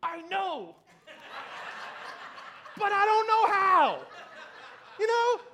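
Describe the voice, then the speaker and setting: Speaking extremely slowly in a sing-song, very high-pitched voice, this thirty-something pastor sounds bright and forceful as he delivers his sermon. His church talk is conversational and self-deprecating, full of laughter and repeated "you know what I mean."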